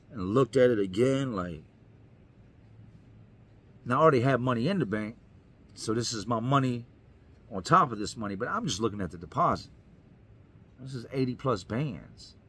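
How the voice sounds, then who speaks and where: Husky-voiced man telling his story. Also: medium pitch, fairly bright tone. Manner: earnest, emphatic, repeats lines for effect. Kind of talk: personal storytelling to camera.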